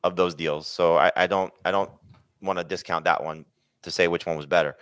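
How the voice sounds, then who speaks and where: A man's voice: sits low, fairly even intonation, brisk, a bit bright, clear, resonant tone, dry recording. A man hosting a casual podcast, reading listener questions aloud and turning them over to the panel. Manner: reads listener questions, then asks panelists. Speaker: podcast host.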